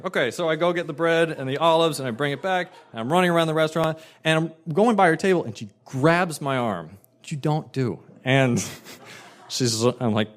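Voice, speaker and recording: A man telling a personal story in an animated, emphatic and self-mocking way. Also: a little high, normal speed.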